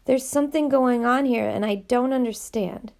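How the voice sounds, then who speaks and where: A woman voicing a weary, sympathetic middle-aged male headmaster, speaking gently and apologetically in an audiobook reading. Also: fairly high pitch, moderate pace, gravelly. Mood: apologetic.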